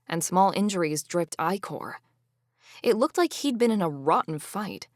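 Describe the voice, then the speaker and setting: A woman narrating a fantasy audiobook in the first person, expressive and indignant. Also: lowish voice, dry recording, clean studio sound.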